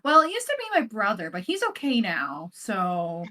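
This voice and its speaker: Playful woman with a lively voice. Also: medium pitch, moderate pace. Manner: playful, rambling, full of "like". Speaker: tabletop game player. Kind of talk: casual in-character roleplay chat.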